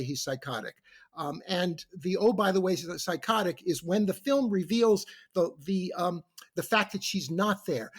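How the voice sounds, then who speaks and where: A high-pitched man with a husky, breathy voice argues his case in a casual podcast debate. He stops, restarts and fills with ums, lecturing like a professor. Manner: halting, with many fillers and restarts. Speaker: guest prosecutor in a mock trial.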